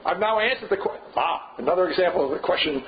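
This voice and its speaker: A man's voice: high voice, expressive, fast talker, slight background noise. An older man leading an informal seminar lecture, thinking aloud in a digressive way and often checking in with a rhetorical "right?". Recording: dull lo-fi classroom recording.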